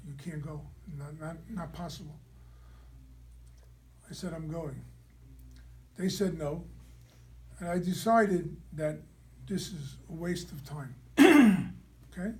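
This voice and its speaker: A man, a rabbi, teaching a class through an animated personal story and checking in with his listeners. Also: on the high side. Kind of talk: storytelling lecture.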